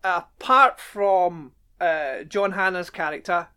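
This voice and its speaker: A man's voice: high-pitched, takes it slowly, bright, forceful tone, clear, resonant tone. A man co-hosting a podcast, chatting casually about a film with frequent ums and easy chuckles. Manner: laid-back, chuckling, many ums. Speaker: podcast co-host. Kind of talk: casual chat.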